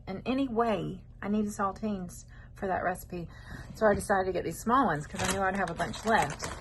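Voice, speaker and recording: A woman's voice: medium pitch, background noise. Rambling woman cooking at home. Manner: chatty, rambling, wanders off topic. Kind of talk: casual cooking chat. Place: home kitchen.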